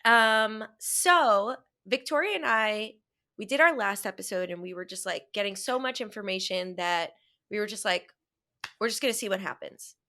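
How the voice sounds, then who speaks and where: Chatty bright-voiced American woman. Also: mid-range voice, lively intonation. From United States. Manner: chatty, rambling, quick asides. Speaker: podcast co-host. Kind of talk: casual chat.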